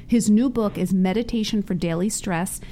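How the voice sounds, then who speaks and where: A woman co-hosting a talk show, chatty and quick to laugh, reading a guest introduction. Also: mid-range voice, dark tone, slight background noise. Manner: chatty, laughs easily, restarts. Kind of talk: casual chat and read introduction.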